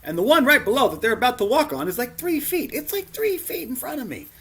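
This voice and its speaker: Guy preaching, husky bright voice, super lively, jumps up high when he acts stuff out. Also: fast. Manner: animated, acts out dialogue with big pitch jumps. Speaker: pastor. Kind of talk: sermon storytelling.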